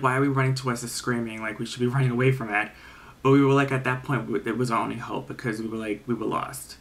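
A man's voice: mid-range voice, a bit bright. A young man casually telling a scary story, rambling and filling his talk with "like". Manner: rambling, filler-heavy, lots of "like".

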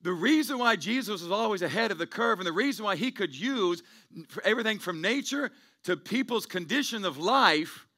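A man's voice: sits high, expressive, normal speed, pushed and bright. A middle-aged man preaching a sermon as pastor, rambling and repeating himself, then building to emphatic peaks.

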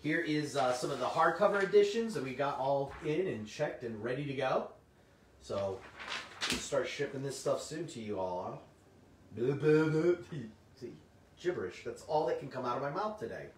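A middle-aged man, slightly hoarse, hosting a comic shop livestream in casual, chatty talk and answering viewers' comments. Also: mid-range voice, animated, normal speed. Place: indoor room. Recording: roomy, distant mic, faint noise.

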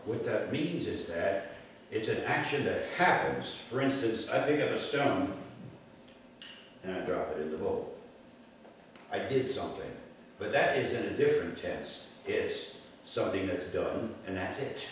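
A man preaching a sermon in an animated way, swinging from loud calls to soft, low lines. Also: slight background noise. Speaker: pastor. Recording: echoey room, mic far off.

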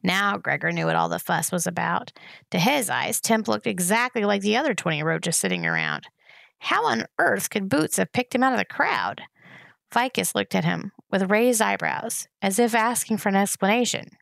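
A woman reading a children's novel aloud in steady, expressive narration. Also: medium pitch, moderate pace, vocal fry, no room sound. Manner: steady, expressive reading, voicing each character. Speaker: reader. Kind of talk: audiobook narration.

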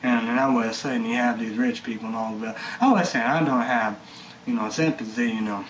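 Guy ranting on his vlog, all over the place, keeps saying you know, cussing, mid-pitched voice, bit of faint hiss behind. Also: animated, a little fast, rough recording. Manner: rambling, repeats "you know" and "stuff like that"; heated and indignant, swears. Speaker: energy drink reviewer vlogger. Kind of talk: casual rambling vlog rant.

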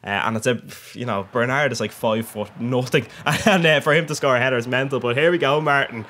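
A man's voice: mid-range voice, fairly quick, sharp tone, a little hiss or hum. Chatty young man commentating a game. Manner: chatty, jokey, crude, laughs often. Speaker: gaming commentator.

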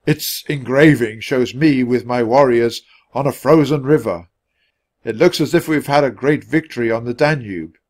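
A man voicing a wise, calm Roman emperor in a storybook reading, with measured, dignified speech. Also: medium pitch, natural voice.

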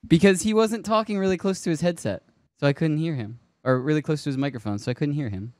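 A man hosting a pop culture podcast, joking and animated in casual chat. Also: a little high, fast, no room sound. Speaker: podcast host. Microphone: studio microphone.

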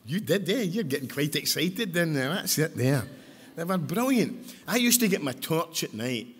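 A man's voice: a little high, very animated, normal speed, husky. Older man, Scottish accent, chatty storyteller, church talk, long hall reverb. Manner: chatty, jokey, asks the audience questions. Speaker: speaker at a church service.

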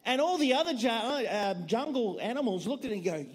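A woman telling a lively children's story at church, asking the children questions and getting them to join in. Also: fairly high pitch, a little fast, hardly any pauses, slightly rough. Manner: animated, playful, asks the children questions. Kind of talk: children's story with audience prompts. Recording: long church hall reverb.

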